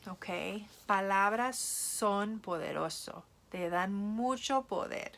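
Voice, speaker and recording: Bilingual teacher, woman, bright, animated read-aloud for kids, playful. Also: medium pitch, slow, gravelly, few pauses. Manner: switches between English and Spanish, animated, playful.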